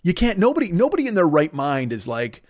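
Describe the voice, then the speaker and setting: A man's voice: high voice, wildly swooping pitch, fast. A man riffing crudely and rambling on a comedy podcast, going into silly voices now and then.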